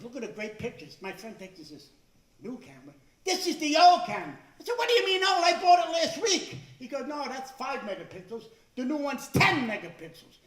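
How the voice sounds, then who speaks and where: An older man doing stand-up, growing exasperated and shouting his punchlines. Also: very high-pitched. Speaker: stand-up comedian. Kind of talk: stand-up routine. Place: club stage before a live audience. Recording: echoey room, far from the mic.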